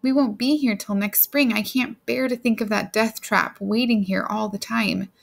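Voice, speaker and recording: A woman's voice: on the high side, steady tone, normal speed, creaky. A woman voicing an anxious wife who pleads with her husband in a raised, distressed voice. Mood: pleading.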